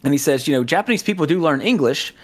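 A man's voice: fairly high pitch, lively intonation, quick pace. A man from the American South in casual podcast chat, rambling with many fillers, restarts and asides. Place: Southern California.

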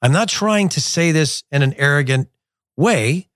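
A middle-aged man hosting a soccer show in a studio, talking in an animated, digressive and blunt way. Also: fairly high pitch, measured pace, no room sound. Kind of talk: casual opinionated talk. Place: glass-walled studio in a resort. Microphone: studio mic.

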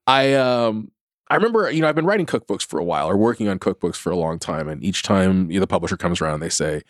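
A man's voice: low voice, animated, quick pace, dry recording, studio quality. A man co-hosting a podcast, a cookbook writer talking casually, laughing often and restarting his sentences. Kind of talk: casual chat.

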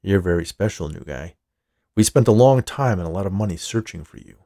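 Male narrator as a low, gravelly, condescending corporate boss in a storybook. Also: expressive, fairly quick, dark tone, dry recording, clean studio sound. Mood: smug. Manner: smooth and condescending. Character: smug, menacing male company boss.

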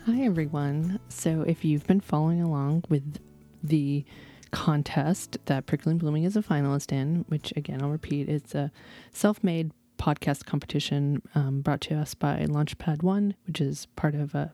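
A woman's voice: low voice, moderate pace, few pauses, mellow, soft background music. A chatty woman in her thirties hosts her own podcast. She talks in a bubbly, rambling way, with lots of "um" and "like". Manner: chatty, bubbly, frequent laughs and fillers. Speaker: podcast host. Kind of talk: casual podcast intro and interview.

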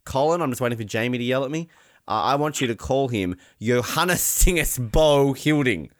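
A man's voice: medium pitch, expressive, brisk, dry recording, clean studio sound. A man hosting a podcast in casual comedic chat, rambling and joking with frequent laughter. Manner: rambling, jokey, laughs often, breaks into silly voices. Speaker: podcast host.

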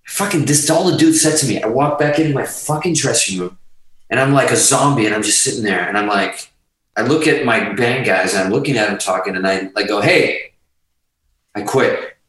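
A middle-aged man from Portugal, a guest musician telling a story on a podcast in a lively, profane way, acting out the quotes. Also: medium pitch, brisk, distant mic. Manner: animated, profane, acts out quotes. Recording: echoey room, off-mic.

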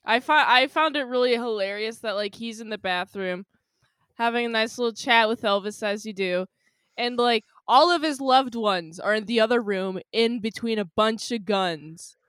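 A woman's voice: mid-range voice, a bit bright, smooth, no echo, clean studio sound. A woman guest on a film podcast, chatting in a wry, amused way. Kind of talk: casual film review chat.

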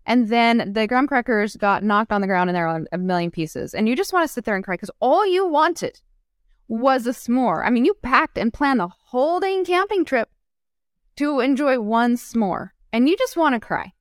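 Woman, interview guest, animated storyteller, higher voice, dry sound. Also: moderate pace, dry recording. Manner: animated storyteller who acts out quotes and laughs often. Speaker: guest entrepreneur. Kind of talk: casual interview chat.

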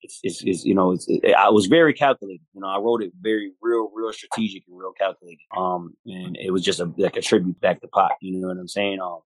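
Profane, animated hip hop artist man. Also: low-pitched, brisk, hardly any pauses, no echo, rough recording. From United States, Buffalo, New York. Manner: animated and profane, acts out quoted voices, often says "you know what I mean". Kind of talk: casual interview talk.

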